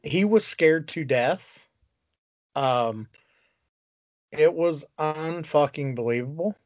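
Man ranting, slow and profane. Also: a little high, lively intonation, no echo. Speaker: podcast co-host. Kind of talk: casual sports talk. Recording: dull lo-fi sound.

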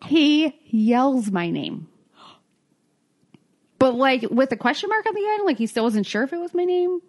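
Lively, high-voiced woman telling a story. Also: a little slow. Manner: animated storyteller, laughs often, acts out quotes. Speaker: podcast co-host. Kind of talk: casual storytelling chat.

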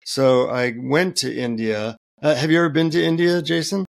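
A middle-aged man, a guest author, telling relaxed anecdotes in an interview with many fillers. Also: fairly high pitch, moderate pace, gravelly. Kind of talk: interview storytelling.

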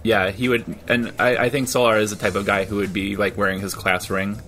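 A man running a tabletop game as game master, chatty and quick to laugh. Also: on the low side, little pitch movement, fairly bright tone, a little hiss or hum. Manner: laughs often, loose and chatty.

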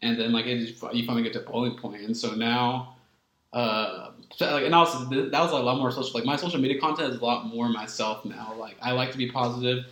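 A man at an average pitch who hosts a casual podcast and talks in a reflective, easygoing way, scattering likes through his sentences. His voice carries a roomy echo. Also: steady tone, fast, a bit bright.

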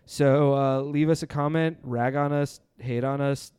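A man with a smooth, clean voice hosts a laid-back movie podcast. He rambles loosely and pokes fun at himself. The sound is dry and close, with no room around it. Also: medium pitch, fairly even intonation, unhurried, a little mellow, no room sound. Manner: loose, rambling, self-deprecating. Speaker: podcast host. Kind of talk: casual podcast chat.

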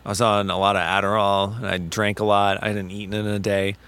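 A man co-hosting a podcast, telling a story in casual chat, animated and full of swearing and quoted back-and-forth. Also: lowish voice, a little fast, clear, resonant tone. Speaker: podcast co-host.

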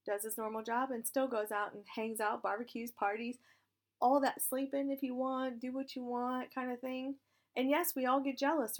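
A woman in her thirties, a military spouse with a hoarse, raspy voice, talking casually and frankly, encouraging listeners and swearing now and then. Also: fairly high pitch. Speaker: military spouse sharing advice. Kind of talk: casual direct-to-camera talk.

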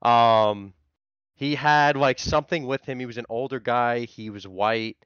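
A man in casual chat telling an excitable, profane story about a confrontation at a crosswalk. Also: mid-range voice, a little slow, smooth, dry recording, lo-fi sound.

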